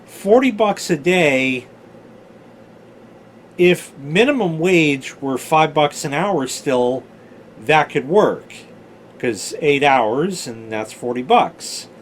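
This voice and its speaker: Spinning old yarns as a storyteller host, a forties-aged man talks slowly with lively intonation in a slightly high voice. He rambles, swears freely, and wanders off topic, with some faint background noise.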